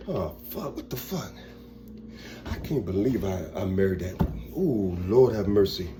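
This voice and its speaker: A man's voice: lowish voice, animated, unhurried, noisy background, pitched below the performer's own voice. A man voicing a bewildered man left on his own, muttering and swearing in dismay. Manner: muttering, profane.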